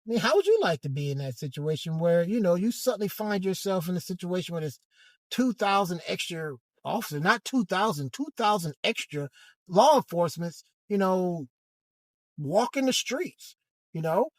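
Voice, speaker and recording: A man with a fairly high voice talks through a casual monologue from the driver's seat, stopping and restarting his sentences as he searches for words. The sound is dry and close, with no room echo. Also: very animated. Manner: hesitant, halting, many restarts and fillers. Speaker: vlogger. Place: in a car.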